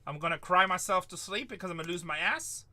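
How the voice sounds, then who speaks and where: Forceful, joking card-break host. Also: male voice, high-pitched, animated, fast. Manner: rambling, joking, swears casually, calls out teams. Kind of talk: livestream sales chat.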